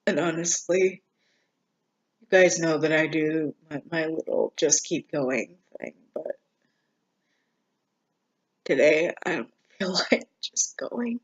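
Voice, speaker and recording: A vlogger talks through a casual personal update at a middling pitch. The delivery is subdued and halting, with frequent pauses and fillers. The recording sounds dull and lo-fi. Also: husky. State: struggling emotionally, near tears.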